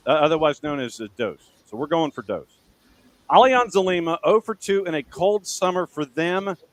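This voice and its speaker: Relaxed man hosting a soccer chat. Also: a little high. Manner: relaxed, brings in topics, short reactions. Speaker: podcast co-host. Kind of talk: casual podcast chat.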